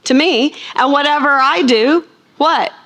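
Fairly high-voiced woman teaching a sermon. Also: a bit bright. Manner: asks the room questions and answers them; slows and stresses key words. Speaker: Bible teacher.

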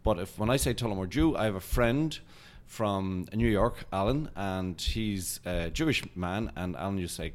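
A man's voice: sits low, normal speed, few pauses. A man with an Irish accent, a podcast guest chatting casually and telling jokey stories. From Ireland. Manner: storytelling, jokey and relaxed. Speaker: guest, whiskey brand ambassador.

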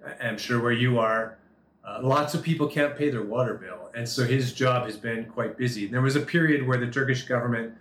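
A man's voice: mid-range voice, a little fast, fairly bright tone, roomy sound, a little hiss or hum. A man preaching a sermon, telling a story with earnest emphasis and acted-out dialogue. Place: Turkey.

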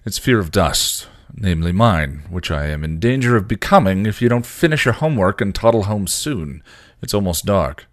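A man voicing a dry, teasing, bookish vampire in a low gruff drawl while reading a story aloud. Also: animated, moderate pace, no room sound.

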